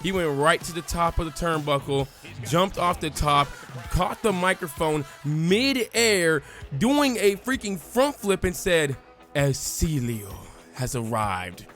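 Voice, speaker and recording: A man's voice: high voice, expressive, unhurried, fairly bright tone. A man giving casual, joking let's-play commentary and acting out crowd chants as he tells the story. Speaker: gaming YouTuber. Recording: faint music underneath.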